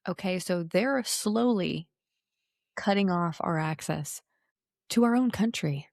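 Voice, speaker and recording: A woman in her thirties co-hosts a podcast and talks politics in a sarcastic, animated way, swearing now and then. Her voice sits a little low. The sound is dry and close to the mic. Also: slow, vocal fry, no room sound. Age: 30s. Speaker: podcast co-host. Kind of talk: casual political chat.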